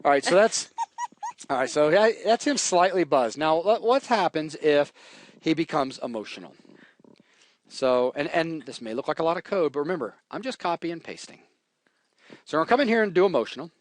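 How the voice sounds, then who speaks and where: Male coding instructor, relaxed and jokey, talks while typing; slightly high voice, dead-dry close mic. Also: fairly quick, dry recording. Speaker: programming instructor. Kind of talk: live coding tutorial.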